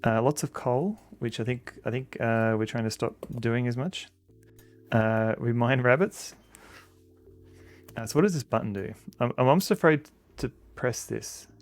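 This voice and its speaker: Australian male streamer, casual rambling delivery, creaky texture. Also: mid-range voice, unhurried, faint music behind. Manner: rambling, chatty, fond baby-talk to dogs. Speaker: game streamer. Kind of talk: casual live-stream chat. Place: home room with dogs.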